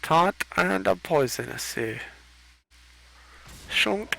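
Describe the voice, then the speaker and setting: A man's voice: a little high, expressive, takes it slowly, gravelly, pauses often, pushed and bright, a little hiss or hum, low-quality recording. A young man streaming a card game, rambling and swearing as he reacts to the plays. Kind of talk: casual gaming commentary.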